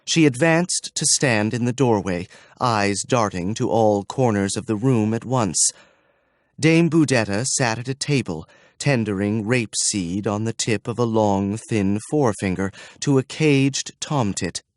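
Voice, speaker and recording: A man reading a fantasy audiobook in a measured storytelling manner. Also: fairly low pitch, animated, no room sound, clean studio sound. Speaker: audiobook narrator. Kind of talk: scripted audiobook narration.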